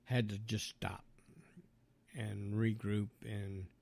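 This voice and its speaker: Gravelly, mellow man rambling casually. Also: lowish voice, little pitch movement, slow. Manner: rambling and folksy, with many fillers. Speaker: podcast host. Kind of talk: casual monologue.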